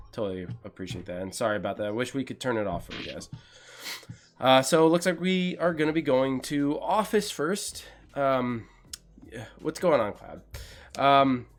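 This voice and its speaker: Male co-caster, lowish voice, chatty play-by-play, self-correcting. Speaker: esports co-caster. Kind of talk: casual play-by-play commentary.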